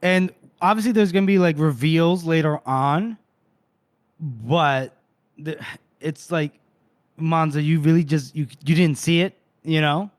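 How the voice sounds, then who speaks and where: A man's voice: a little high, unhurried, dry recording, studio quality. A man co-hosting a casual book podcast, loosely retelling scenes with profanity and laughs. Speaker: podcast co-host.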